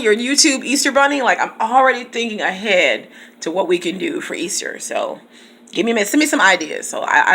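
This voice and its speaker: A woman teacher talks straight to her subscribers in a relaxed vlog. She is chatty, laughs easily between thoughts, and calls out her viewers by name as she goes. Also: medium pitch. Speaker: teacher and YouTube vlogger. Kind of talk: casual vlog chat to subscribers.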